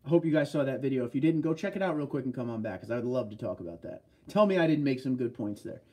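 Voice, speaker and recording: A man's voice: mid-range voice, lively intonation, quick pace, dark tone. A man hosting a casual livestream, chatting with viewers, reading out their comments and greeting them by name. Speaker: livestream host.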